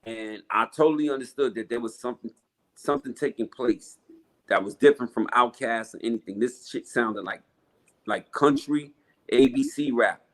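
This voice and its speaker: A man's voice: mid-range voice, moderate pace. Brief: New man, rap guest, blunt storyteller, plain mid voice. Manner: blunt, profane, animated storyteller. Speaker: rapper guest. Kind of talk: casual storytelling interview.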